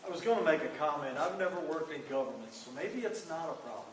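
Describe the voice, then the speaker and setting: A man on a county board making a short, measured remark at a meeting. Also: a little high, expressive. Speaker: board member. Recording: distant mic, echoey room, noise.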